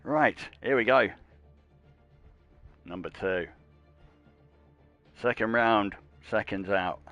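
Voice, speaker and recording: A man's voice: slow pace, no room sound, lo-fi sound, faint music behind. Chatty man calling a sim race. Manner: chatty and jokey, with rambling asides; gets louder and higher at race starts. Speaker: sim racing commentator and stream host. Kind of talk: live esports race commentary.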